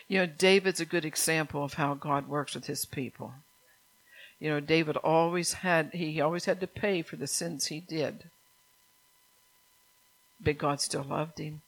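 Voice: medium pitch, fairly even intonation, moderate pace, a bit bright, low-quality recording. Pastor mid-sermon: emphatic, repeats key lines, keeps asking the congregation to answer back. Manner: calls out to the congregation for response.

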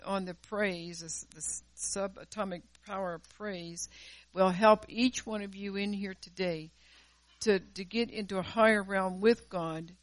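A woman preaching a sermon with fervor, jumping from loud exhortation to quiet asides and often repeating words as she goes. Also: medium pitch, no echo. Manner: repeats words and restarts phrases while preaching.

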